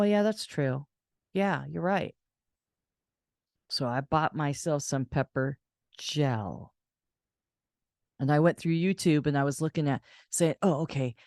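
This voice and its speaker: A woman's voice: no echo, clean studio sound. A woman caregiver telling a personal story in a casual vlog, acting out the voices in the dialogue she quotes. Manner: animated, acts out quoted voices in a higher pitch. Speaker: caregiver and channel host.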